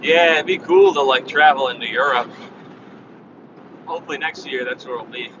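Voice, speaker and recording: Male van-life vlogger, rambling and monotone, distant dull audio under heavy road noise. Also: mid-range voice, normal speed. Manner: rambling, filler-heavy, flat tone. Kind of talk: casual chat while driving. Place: inside a moving vehicle on a highway.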